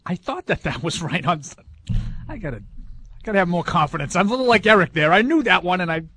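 A man's voice: high-pitched, animated, fast talker, bright, forceful tone, slightly rough. A man co-hosting a casual sports talk show, arguing points analytically with restarts. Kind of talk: casual sports radio chat.

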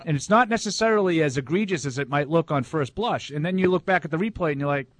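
A man co-hosting a sports talk show, measured and reasonable in argument. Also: a little high, no echo. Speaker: radio co-host. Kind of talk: sports talk radio banter.

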